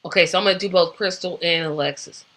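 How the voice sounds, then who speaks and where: Bright-voiced woman ranting casually. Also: lowish voice, steady tone, quick pace. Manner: opinionated, rambling, lots of fillers. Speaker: host. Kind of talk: casual solo talk show.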